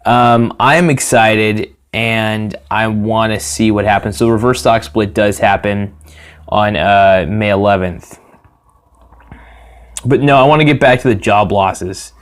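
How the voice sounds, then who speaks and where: A man's voice: on the low side, fairly even intonation, a little slow, clear, resonant tone. A young man hosting his own finance podcast, talking casually on his own, rambling with many fillers and restarts, and swearing freely. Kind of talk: casual solo podcast talk.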